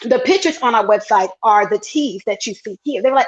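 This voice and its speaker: A woman's voice: normal speed, hardly any pauses, muffled recording. A woman with a Southern Texas accent, enthusiastically presenting her tea products in a chatty live demo over an earpiece. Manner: exuberant, chatty, sales pitch. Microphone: earpiece, livestream.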